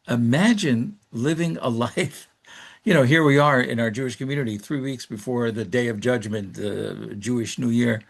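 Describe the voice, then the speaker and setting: Rabbi, male, gravelly mid-range voice, loose teaching talk full of ums and asides. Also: mid-range voice. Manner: conversational storytelling with frequent fillers; reflective, rhetorical questions. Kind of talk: informal Torah class.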